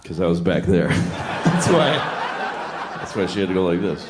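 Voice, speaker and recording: A middle-aged male stand-up comedian telling stories in a deadpan, self-deprecating way and acting out voices. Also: low-pitched, normal speed, over a noisy crowd. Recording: echoey live club recording with noise.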